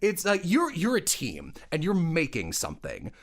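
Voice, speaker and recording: Animated young man giving blunt advice. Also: on the high side, normal speed. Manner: blunt, animated, repeats words when excited. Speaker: podcast co-host and voice director. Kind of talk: casual advice chat.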